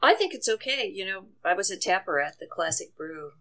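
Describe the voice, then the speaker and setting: A woman's voice: medium pitch, lively intonation, brisk, bright, forceful tone. A woman from northern Wisconsin, chatting casually as a guest on a podcast and laughing easily. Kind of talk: casual chat.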